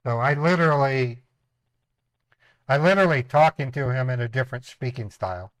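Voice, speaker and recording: A man's voice: medium pitch, normal speed, no echo. A man hosting a casual livestream. He chats, laughs often and slips into voices. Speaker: streamer, scam baiter.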